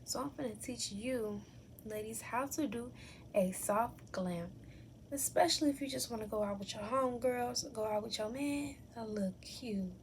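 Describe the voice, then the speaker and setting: A woman's voice: a little high, normal speed, a little hiss or hum. A young adult woman casually talking through a makeup tutorial at home, chatty and candid, correcting herself as she goes. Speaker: makeup vlogger.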